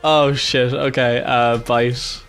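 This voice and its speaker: An Irish man at a middling pitch talks through a video game run, excitable and quick to swear. He reacts out loud to every turn and thinks through his choices as he goes. Faint game music plays behind him. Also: gravelly. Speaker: gaming YouTuber. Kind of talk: casual gameplay commentary.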